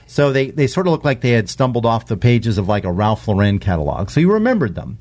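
A man's voice: mid-range voice, sing-song, fast, a little mellow. A man co-hosting a casual podcast chat, telling stories in a wry, self-deprecating way. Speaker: podcast co-host. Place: Texas.

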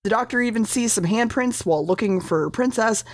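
A woman's voice: a little high, animated, brisk, no room sound, clean studio sound. A woman casually recapping a TV episode, rambling, swearing freely and correcting herself as she goes.

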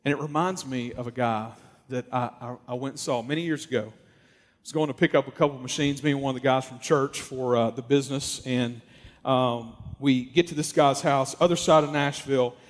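A man's voice: medium pitch, moderate pace. A man telling a story casually and animatedly, with lots of fillers. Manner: animated, acts out quoted voices, many fillers. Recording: long hall reverb.

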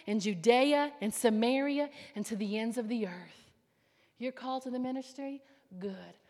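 A woman preaching a sermon with fervor, swinging between loud declarations and hushed whispers. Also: medium pitch. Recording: long hall reverb.

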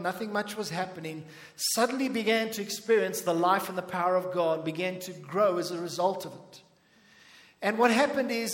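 Male pastor, emphatic sermon delivery, high-pitched, roomy echo. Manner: emphatic preaching. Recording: echoey church hall reverb.

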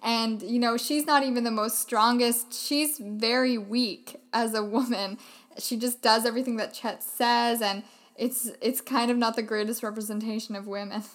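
A woman's voice: fairly high pitch, fairly even intonation, normal speed. A woman co-hosting a casual conversation, chatty and explaining things at length. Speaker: co-host discussing a film.

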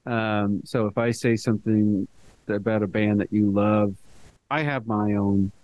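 A man's voice: lowish voice, steady tone, measured pace, muffled recording. A young adult man co-hosting a podcast, rambling and hedging in casual chat with lots of fillers. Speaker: podcast co-host.

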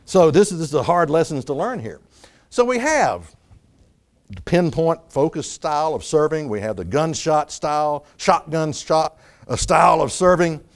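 Male pastor, sermon delivery, expressive and lively, slightly higher voice. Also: moderate pace. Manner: animated preaching, acts out quotes, frequent restarts.

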